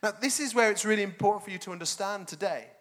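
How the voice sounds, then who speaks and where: Pastor guy, high voice, jokes around while preaching. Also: quick pace. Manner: animated, jokey, laughs often. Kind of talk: sermon.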